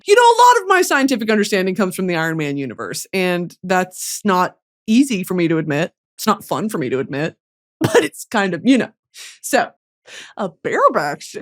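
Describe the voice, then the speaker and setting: A young woman hosts her comedy podcast with a lively, bouncing voice that sits a bit high. She swears freely and swings from quiet mumbles to shrieking, laughing outbursts. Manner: animated, swearing, jumps to loud squealing outbursts. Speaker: podcast host.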